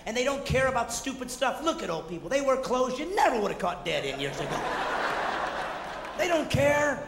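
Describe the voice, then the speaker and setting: A man doing a high-energy stand-up comedy routine, ranting and jumping into shouted asides and mock voices. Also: big pitch swings, normal speed. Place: theater stage before a live audience. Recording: echoey hall, noisy 1990s concert recording.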